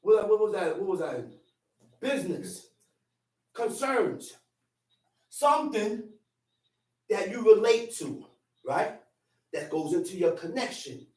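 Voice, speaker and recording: There's lots of echo and the mic is far off as a high-voiced man delivers a religious Sabbath teaching to a small group. His streetwise, conversational delivery breaks into sudden shouts for emphasis.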